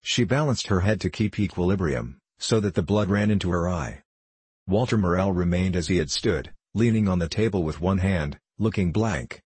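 A man narrates a novel in a measured, even storytelling voice. His pitch sits very low with a husky, breathy grain. The recording is close and dry with no room sound. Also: dry recording. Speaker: audiobook narrator. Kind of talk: scripted narration.

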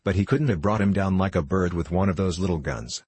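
A man reading the quiet, grave lines of an earnest, troubled gentleman friend in an audiobook. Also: low voice, fairly quick, slightly rough, no room sound.

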